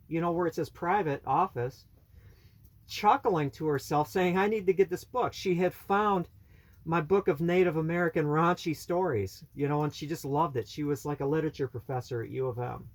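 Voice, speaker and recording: Man, somewhat higher voice, casual storyteller who wanders off topic and stumbles on his words. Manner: rambling, stops and restarts words, slows to stress points. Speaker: storyteller and channel host.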